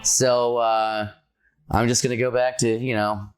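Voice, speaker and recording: A woman's voice: a bass voice, level tone, a little slow, smooth, soft background music. A woman playing a tabletop game, joking and stammering through casual chat. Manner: jokey, stammers with repeats. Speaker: player.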